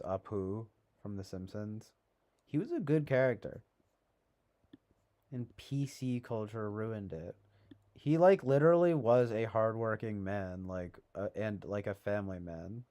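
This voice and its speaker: A man's voice: lowish voice, dark tone. A man hosting a casual livestream, rambling with lots of fillers and a sarcastic edge. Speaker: livestream host.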